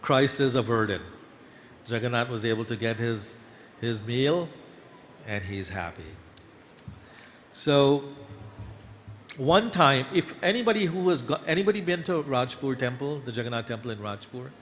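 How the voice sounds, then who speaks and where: A man giving a storytelling sermon at a temple, lively as he acts out the scenes. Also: medium pitch, unhurried, long pauses. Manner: lively storyteller, voice climbs when acting out scenes. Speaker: temple speaker telling devotional stories. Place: temple hall. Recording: echoey hall with faint background noise.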